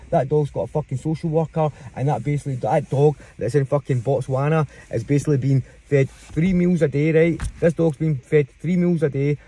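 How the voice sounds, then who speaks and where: A man's voice: mid-range voice, mellow, breathy edge. A Glaswegian Scottish man delivering a rambling, indignant rant to camera, swearing constantly. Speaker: vlogger. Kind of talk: ranting monologue.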